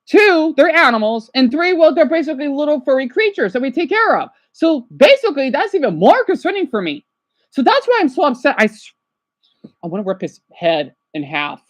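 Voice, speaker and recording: A man livestreaming his reactions, rambling and agitated, dropping to quiet mutters and then yelling at someone off to the side. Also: very high voice, big pitch swings, fairly quick, no echo. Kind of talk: casual livestream reaction chat.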